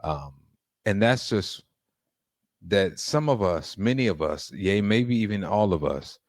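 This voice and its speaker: A man's voice: fairly low pitch, lively intonation, unhurried, dry recording, studio quality. A man co-hosting a podcast, talking through faith in a casual, rambling way full of restarts. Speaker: podcast co-host.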